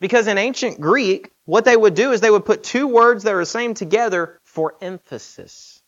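A man's voice: high voice, moderate pace, fairly bright tone, highs cut off. A man preaching a sermon in an earnest, emphatic way, asking rhetorical questions.

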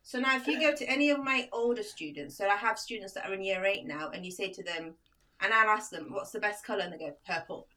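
A woman in her thirties, a teacher and podcast guest, chatting casually and acting out lively stories. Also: mid-range voice, fast talker, distant mic. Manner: animated storytelling, acts out quotes. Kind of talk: casual chat.

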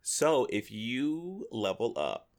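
A man co-hosting a casual gaming podcast, animated and joking, slipping into silly voices. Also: medium pitch, slow pace, crowd noise. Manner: animated, breaks into exaggerated voices for jokes. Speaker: podcast co-host.

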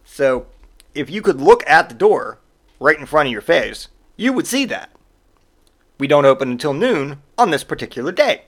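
A man's voice: on the high side, big pitch swings, moderate pace. A man hosting a podcast and telling stories in a casual monologue, exasperated and sarcastic, and he swears freely. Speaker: podcast host.

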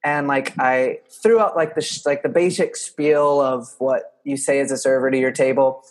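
A man's voice: mid-range voice, fairly even intonation, moderate pace. A young man chatting casually as a podcast co-host, telling stories animatedly with swearing and frequent laughter. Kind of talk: casual chat.

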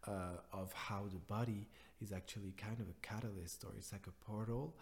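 Young man with a deep voice, reflective. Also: a little mellow. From France. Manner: reflective, halting, many fillers and restarts. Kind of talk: personal storytelling monologue.

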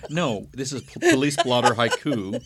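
A man's voice: medium pitch, normal speed, very noisy. A man co-hosting a casual podcast, giggly and reading entries aloud with relish. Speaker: podcast co-host. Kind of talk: casual chat.

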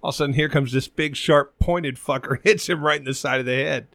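A man with a somewhat high voice tells crude jokes with a loud, storytelling delivery. He laughs at his own punchlines. The sound is close and dry, with no room echo. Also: fast talker. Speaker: podcast co-host. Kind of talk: casual podcast banter, telling crude jokes.

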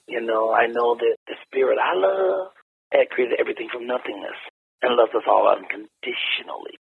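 An older man telling his story in an interview, talking bluntly and with animated, preacher-like emphasis. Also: gravelly, husky. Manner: animated, preacher-like emphasis with wide pitch swings; folksy and blunt, laughs while talking. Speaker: interview guest. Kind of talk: candid conversational storytelling. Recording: tinny phone-like lo-fi line.

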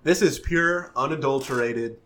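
A man chatting casually with friends, telling stories in an animated way and laughing often. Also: medium pitch, normal speed, a little hiss or hum. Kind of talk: casual chat among friends.

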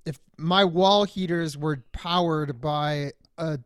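Easygoing guest with a higher male voice. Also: clear, resonant tone, no room sound, clean studio sound. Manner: easygoing, halting, laughs often. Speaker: podcast guest, actor. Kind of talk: casual podcast chat. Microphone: remote call from a cabin.

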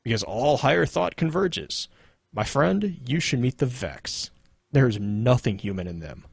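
A condescending robot soldier lectures with sardonic scorn, as a man reads the part aloud. The voice is husky, the pitch rises and falls widely, and the sound is dry. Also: lively intonation, a little slow, no room sound, exaggerated voice. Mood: sardonic lecturing. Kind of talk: dramatic lore reading.

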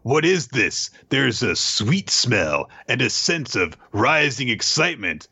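A man's voice: mid-range voice, sing-song, slow, bright, forceful tone, slightly rough, dry recording, full character voice. A man voicing a puzzled young male hero during a casual manga recap, close to his own voice.

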